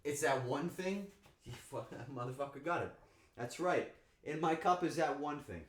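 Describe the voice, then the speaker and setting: Joking around with chat on his cooking stream, this man speaks at a moderate pace in a slightly high voice. He's playful and prone to animated outbursts, recorded in an echoey home kitchen with faint ambience.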